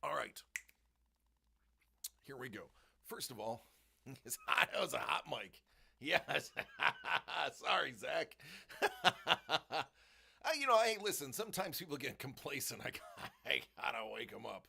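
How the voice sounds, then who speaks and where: A middle-aged man hosting a live-stream unboxing, chatting casually into a close desk microphone, joking, laughing often and exclaiming in excitement. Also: mid-range voice, slow, vocal fry, husky.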